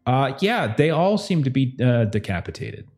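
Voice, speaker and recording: A man running a tabletop game as game master, narrating scenes and voicing characters with a relaxed, chuckling manner. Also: medium pitch, normal speed, faint music behind.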